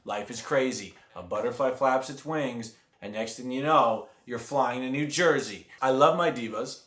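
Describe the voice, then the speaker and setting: A young man telling a rambling, animated story to his viewers in a casual vlog. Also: mid-range voice, moderate pace, hardly any pauses. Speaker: vlogger. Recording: echoey room.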